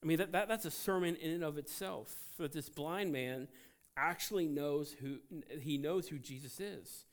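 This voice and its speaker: A man preaching a sermon as pastor, emphatic and animated, swinging between loud outbursts and quiet asides. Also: a little high, normal speed. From United States.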